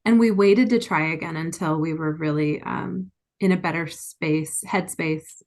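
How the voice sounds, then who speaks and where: Low-voiced woman telling her story frankly. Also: a little slow, darkish tone. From United States. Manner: earnest, emotional, frank. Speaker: interview guest. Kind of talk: candid personal storytelling.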